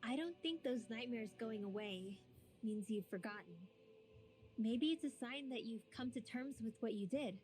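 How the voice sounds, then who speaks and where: A sharp-tongued young mage, played by a woman in a game, with a high, clear voice. She speaks in a dry, teasing, matter-of-fact way. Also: animated, normal speed, natural voice. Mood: reassuring. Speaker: game character. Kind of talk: game dialogue acting. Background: game music.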